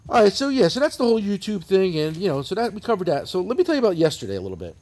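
A husky-voiced man in his fifties with a thick New Jersey accent talks on a podcast, swearing freely as he rambles through his stories. His voice sits a little high for a man and swings widely in pitch. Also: big pitch swings, rapid-fire, a little mellow. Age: 50s. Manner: profane, rambling storyteller. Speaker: podcast co-host. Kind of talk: casual chat.

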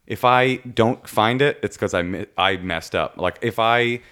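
A man's voice: fairly low pitch, measured pace. A man telling a comic anecdote in casual podcast chat, dropping into voices for the people he quotes. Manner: animated anecdote teller, mimics others in quotes. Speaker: comedian guest.

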